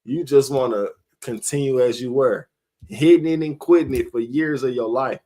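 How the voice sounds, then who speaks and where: A man's voice: mid-range voice, normal speed, mellow. A man, a member of a religious group, giving a rambling, conversational preaching talk and laughing often.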